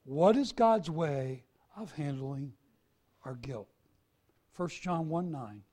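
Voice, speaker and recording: A male preacher giving a sermon, swinging from soft confession to loud emphasis. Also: on the high side, animated, slow pace.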